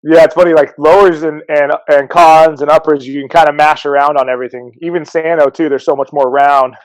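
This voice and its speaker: Laid-back higher-voiced surf coach. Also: male voice, fairly even intonation, brisk, no room sound, low-quality recording. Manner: laid-back, laughs often, surfer slang. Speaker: guest, surf camp coach. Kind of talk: casual chat.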